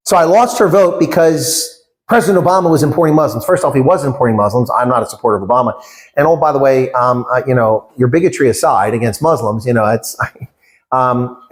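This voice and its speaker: A man's voice: mid-range voice, fairly quick. A middle-aged man answering interview questions in a conversational way, emphatic and indignant, with rhetorical questions and short laughs. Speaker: interview guest, former election candidate.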